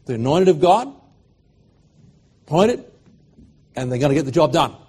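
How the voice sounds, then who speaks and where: A middle-aged Australian man preaching a sermon, swinging from loud fervent declarations to hushed, emotional storytelling. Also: on the high side, lively intonation, moderate pace, husky.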